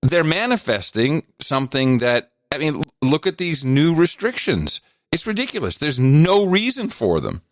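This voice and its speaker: A man co-hosting a podcast in casual chat, ranting in an animated, scoffing way. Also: fairly high pitch, normal speed, hardly any pauses, dry recording, clean studio sound. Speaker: podcast co-host.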